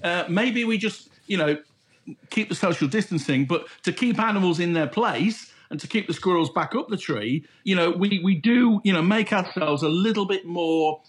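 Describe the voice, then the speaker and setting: A man's voice: high-pitched, lively intonation, moderate pace. A man co-hosting a morning radio show, teasing and playful. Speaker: radio co-host. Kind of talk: jokey morning radio banter.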